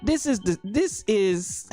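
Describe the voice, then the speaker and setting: A woman hosting a live chat show in a dialect, animated and laughing often as she chats with her listeners by name. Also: medium pitch. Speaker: host. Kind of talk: lively live-stream chat.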